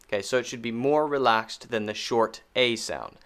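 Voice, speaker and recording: A man with an American accent teaching pronunciation in a recorded lesson, speaking deliberately and repeating vowel sounds to demonstrate them. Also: medium pitch, a bit bright.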